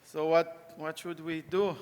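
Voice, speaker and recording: Playful high-voiced man on a conference stage. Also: measured pace, clean tone. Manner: playful, animated, coaxing the audience. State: sore throat. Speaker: conference speaker. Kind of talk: live on-stage tech talk directing volunteers. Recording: long hall reverb, faint crowd noise.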